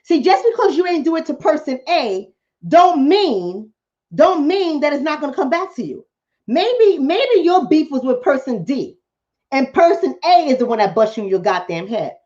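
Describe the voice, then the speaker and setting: A woman vlogger delivers a casual commentary monologue straight to her viewers. Her high voice swings widely up and down as she preaches with emphasis. The sound is a little dull and lo-fi. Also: big pitch swings, normal speed, darkish tone.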